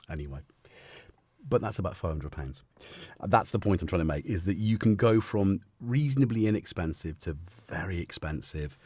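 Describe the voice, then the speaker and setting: A man's voice: low voice, a little mellow, slightly rough, no room sound. A man hosting a live stream, chatting in a rambling, jokey way that keeps interrupting itself. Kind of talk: casual live-stream chat.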